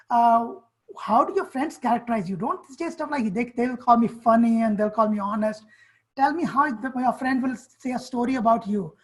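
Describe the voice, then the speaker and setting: A woman with a fairly high voice leads an online workshop on college essays. She talks directly, firing off questions and commands at the students as she goes. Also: rough recording.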